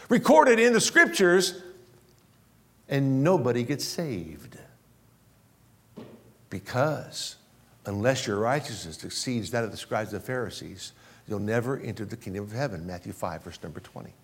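A male pastor preaching a sermon, repeating key phrases and swinging between loud emphasis and low, slow drops. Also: very animated.

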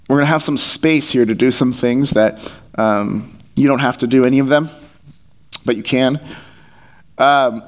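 This pastor has a smooth, medium-pitched voice and delivers his sermon conversationally and with earnestness, leaning on repeated phrases for emphasis. The setting is a church hall, captured through a headset mic taped to his face.

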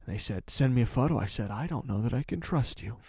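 A man's voice: mid-range voice, quick pace, husky, dry recording. Male podcast co-host, mid-range voice, chatty storyteller with heavy fillers, dry booth sound. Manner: animated storytelling, lots of "like" fillers. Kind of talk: casual storytelling chat.

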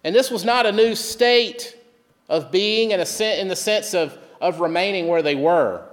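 A man with a rather high voice delivers a sermon, retelling the story and going hushed and low whenever he quotes. His words ring out with the long reverb of a church hall. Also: moderate pace. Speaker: pastor.

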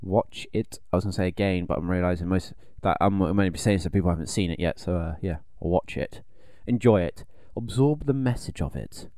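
A man's voice: low voice, fast talker, hardly any pauses, dark tone, dry recording, clean studio sound. A man co-hosting a podcast in casual chat. He rambles, jokes and trails off mid-thought. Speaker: podcast co-host.

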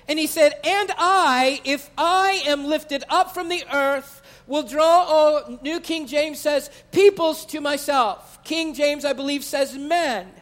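A man delivers a sermon in a church sanctuary. His voice sits very high, and he stretches the key phrases as his preaching builds in intensity. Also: a bit bright. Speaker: pastor.

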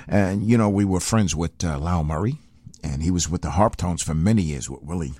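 A man's voice: deep voice, a little fast, no room sound. An older man hosting an oldies radio show, talking casually and loosely between records in a studio, with many fillers. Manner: lively, rambling, filler-heavy.

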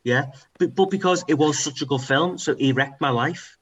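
A man, co-hosting a podcast and telling stories in an animated, sweary way. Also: on the high side, moderate pace, slight background noise, poor audio. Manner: animated storytelling, swears freely. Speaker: podcast co-host. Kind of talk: casual chat.

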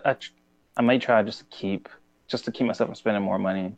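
A man co-hosting a casual podcast, halting and stumbling over his words. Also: on the low side, steady tone, dry recording, muffled recording. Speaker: podcast co-host. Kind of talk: casual chat.

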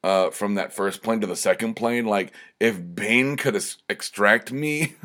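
With a lowish, fairly bright voice and a measured pace, a young man carries his own podcast by himself. He's slightly tipsy from shots, rambling and swearing through a casual monologue and stumbling over words as he gets fired up.

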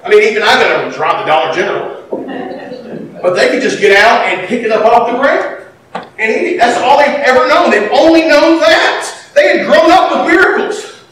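A man preaching a sermon, animated, swinging between loud and quiet. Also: very high-pitched, moderate pace, a little hiss or hum. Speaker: pastor. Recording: echoey hall, mic at a distance.

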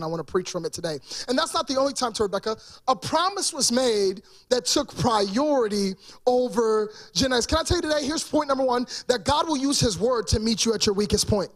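High-voiced emphatic preacher. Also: male voice, a bit bright. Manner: emphatic, rhetorical questions to the congregation. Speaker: pastor. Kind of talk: sermon.

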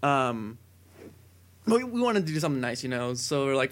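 A young man co-hosting a casual podcast, telling a long story with many fillers that builds to excited shouting. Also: mid-range voice, moderate pace. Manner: rambling tall tale, building to excited shouting. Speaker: podcast co-host.

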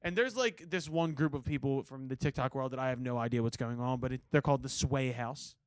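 A man's voice: mid-range voice, brisk, dry recording. A young man hosting a casual comedy podcast, loose and laughing, peppering his talk with "like" and "dude" and swearing freely. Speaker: podcast host.

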